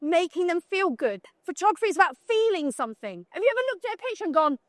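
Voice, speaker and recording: A woman's voice: very high-pitched, big pitch swings, fast, dry recording, studio quality. A British woman and photographer giving a live conference talk, blunt and joking, often checking in with the audience. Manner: blunt, joking, chatty, asks the audience questions. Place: conference talk room at a trade show.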